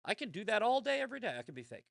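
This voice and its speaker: A man's voice: very high-pitched, big pitch swings, very fast, creaky, a bit bright, no echo, clean studio sound. A man hosting his own show, talking in a blunt, rambling, profane monologue full of restarts. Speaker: show host. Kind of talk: casual monologue.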